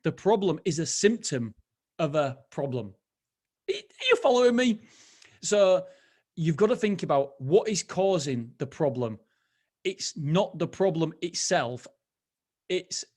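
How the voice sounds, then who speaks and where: A man's voice: on the high side, expressive, measured pace, pauses often, darkish tone. A man hosting a motivational podcast, talking casually and rambling through a personal story, often restarting his sentences. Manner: chatty, rambling, self-interrupting storyteller. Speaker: podcast host. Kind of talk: motivational solo podcast talk.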